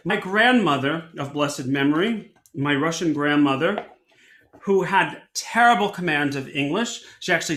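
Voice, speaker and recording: An animated male cantor leads a storytelling lesson in a lively, conversational way, his voice high and bright. He often backs up and restarts mid-sentence. The sound is roomy, with a clear echo around him. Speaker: cantor teaching a storytelling workshop. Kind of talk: workshop lesson. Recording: echoey room.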